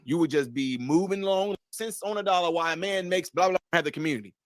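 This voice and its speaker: A man's voice: a little high, fast, dry recording, studio quality. Emphatic man doing livestream commentary. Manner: talks straight to viewers, repeats his points. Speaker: livestream host.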